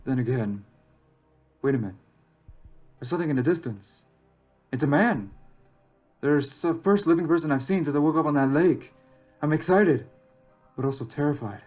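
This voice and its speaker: A man's voice: fairly high pitch, expressive, moderate pace, long pauses, darkish tone. A man reading aloud as a lost, anxious young survivor in a text game, reflective and wry, with faint game music behind. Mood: wary. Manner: reflective, rises sharply when alarmed.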